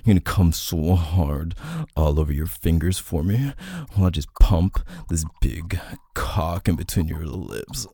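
A man performing an intimate adult audio role-play in a dominant, teasing way, with soft moans and whispered asides. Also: deep voice, slightly rough, dry recording, clean studio sound.

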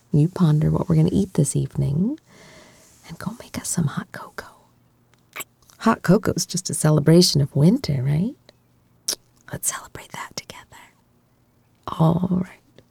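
A woman plays a loving girlfriend in a whispered role-play, soothing her partner with a soft, reassuring manner. The voice is mellow and unhurried, with a breathy edge. It sits close and dry, with no room around it. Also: low voice, no room sound, full character voice. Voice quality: soft, gentle, reassuring, playfully teasing. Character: affectionate young adult girlfriend comforting her partner.

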